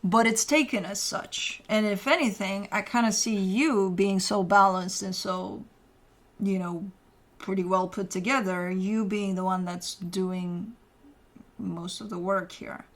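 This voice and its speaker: A woman's voice: medium pitch, steady tone, measured pace. A woman reading tarot cards to camera in a casual, rambling way, full of fillers. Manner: rambling, filler-heavy, chatty. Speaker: tarot reader.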